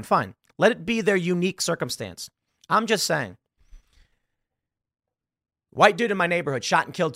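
A young man hosts a casual podcast and rants with lots of animation, leaping up in pitch to hit his points. His voice is bright and sits slightly high. The mic is close and the sound is dry. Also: no echo. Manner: animated, ranting, jumps in pitch for emphasis. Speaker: podcast host. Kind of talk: casual political talk.

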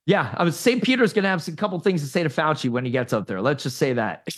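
A man guesting on a talk show, speaking in casual opinion chat, animated, laughing often and tripping over repeated words when fired up. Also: on the high side, fast talker.

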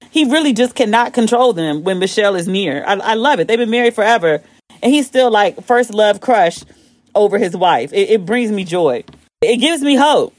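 Animated woman chatting on a phone mic. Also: no echo. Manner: animated, swearing, jumps high when excited. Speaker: podcast host. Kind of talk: casual chat.

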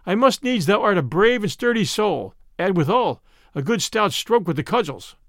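A man's voice: high-pitched, very animated, normal speed, no echo, studio quality. A man voicing a bold, jovial outlaw leader who speaks in hearty, old-fashioned declaiming tones in a storybook reading. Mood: admiring.

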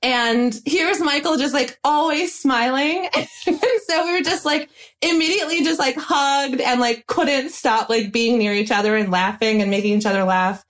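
A bubbly, talkative woman on the higher side of the range tells her story in casual chat. She laughs between phrases and keeps up a lively, running flow. She is from the northeastern United States. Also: moderate pace. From Western Massachusetts, US. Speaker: voice actress guest.

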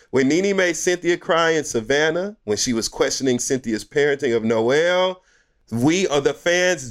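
A man as a podcast guest, giving emphatic, preachy opinions in casual chat. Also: low voice. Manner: emphatic, preachy pep-talk delivery.

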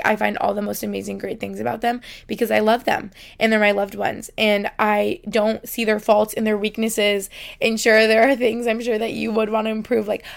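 A woman's voice: mid-range voice, vocal fry. A young woman hosting a podcast alone, chatty and heartfelt, talking with many "like" fillers and close to tears at times. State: on the verge of tears. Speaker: podcast host. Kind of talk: casual solo podcast talk.

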